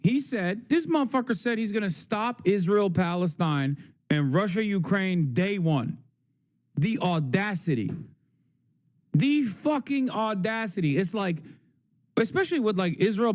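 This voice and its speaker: A man's voice: high-pitched, darkish tone. A man streaming live, ranting about politics in a casual, profane, sarcastic way and mocking people in silly voices. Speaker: live streamer reacting to clips.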